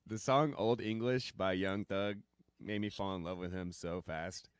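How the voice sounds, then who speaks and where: A man's voice: sits low, a little slow, smooth, no room sound, studio quality. A man chatting casually on a stream, opinionated and easygoing, with plenty of fillers. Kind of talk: casual chat.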